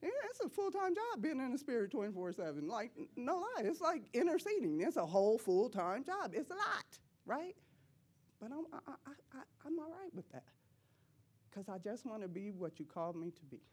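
A woman's voice: fairly high pitch, big pitch swings, normal speed, a little mellow, husky. A woman speaking at church, giving an emphatic personal testimony sermon in a casual, slangy way and laughing often between her lines. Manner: casual, slangy preaching talk.

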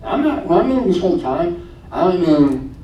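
Mellow-voiced man telling a faith story. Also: very animated, normal speed, dull audio. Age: late 20s. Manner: conversational, retells dialogue with frequent "I'm like" and "like". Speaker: speaker sharing a testimony. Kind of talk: casual faith testimony storytelling. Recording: echoey room, distant mic, faint low rumble.

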